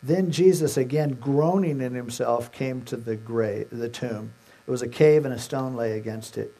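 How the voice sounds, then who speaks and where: A man's voice: mid-range voice, moderate pace, vocal fry, dark tone. A male pastor preaching a sermon, retelling scripture conversationally and acting out the characters' words.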